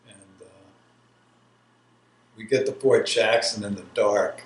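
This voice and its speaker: A man's voice: on the low side, steady tone, slow. A man in his sixties from New York, an army veteran telling his life story in an oral history interview, rambling and laughing as he goes. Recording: roomy with faint background hiss.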